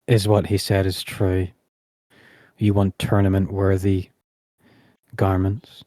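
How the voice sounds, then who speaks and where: A man voicing an aloof, fussy male tailor who talks in a formal, measured way. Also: low-pitched, completely flat delivery, warm tone, no room sound.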